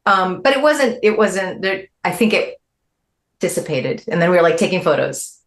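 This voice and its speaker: Low-pitched middle-aged woman, animated interview chat, pitch pops up when she quotes folks. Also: normal speed, crowd noise. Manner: animated, jumps high when quoting people, laughs easily. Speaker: guest musician.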